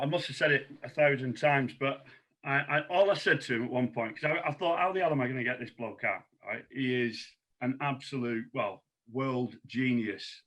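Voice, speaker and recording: A man telling rowdy dressing-room stories with a mid-range voice, plenty of swearing and little laughs along the way. It is a relaxed podcast chat, full of punchlines and asides. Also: mid-range voice. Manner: animated storyteller, salty language, chuckles. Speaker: guest, cricket coach. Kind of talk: casual anecdote telling.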